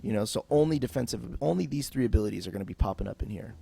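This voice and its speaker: A man's voice: mid-range voice, animated, racing, gravelly, warm tone, husky. A man talking through a game tutorial off the cuff, casual and rambling with lots of fillers. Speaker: gameplay tutorial host. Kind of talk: unscripted game tutorial voice-over.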